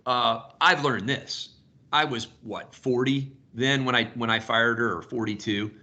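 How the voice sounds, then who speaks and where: A man in his fifties leading a sales team video call, telling stories in an animated way and swearing casually. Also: mid-range voice, measured pace, dull audio. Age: 50s.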